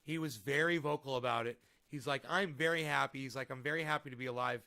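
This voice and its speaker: This home-stream vlogger talks at a quick pace with a sharp, medium-pitched voice, rambling profanely into his desk microphone and heating up during rants.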